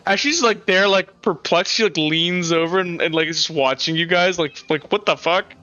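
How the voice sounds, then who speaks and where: Male game master, bright and slightly high, loose rambling narration, lo-fi stream audio. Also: normal speed, clear, resonant tone, no echo. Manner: rambling, many fillers and restarts, laughs often.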